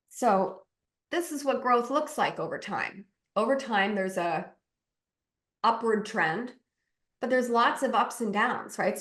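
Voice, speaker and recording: A woman giving a spiritual coaching talk, animated and acting out inner voices as she explains. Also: a little high.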